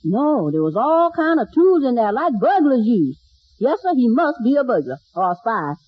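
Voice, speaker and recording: Woman voicing a devoted fussy maid, high lively voice, dry close sound, muffled 1940s broadcast. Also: normal speed, dry recording. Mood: fussing. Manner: calls everyone honey, excitable. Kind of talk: 1940s radio sitcom acting. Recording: dull dry 1940s radio recording.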